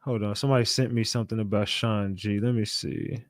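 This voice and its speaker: A man hosting a call-in stream, talking bluntly with frequent swearing and thinking out loud. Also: on the low side, steady tone, brisk, no room sound, clean studio sound. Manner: blunt, profane, thinks aloud. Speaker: show host. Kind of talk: casual live-stream talk with callers.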